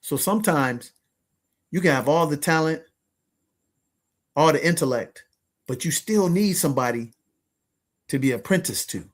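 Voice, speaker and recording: Fifties guy hosting a money show, slangy storytelling, keeps saying ladies and gentlemen. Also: a little high, lively intonation, moderate pace, long pauses. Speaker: podcast host and money coach. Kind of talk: motivational storytelling to listeners.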